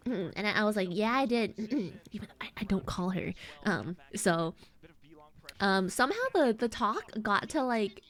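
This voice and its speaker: A woman's voice: mid-range voice, animated, moderate pace. A woman in her twenties, a streamer chatting casually and rambling through a story while acting out her family's lines. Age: 20s. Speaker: VTuber streamer.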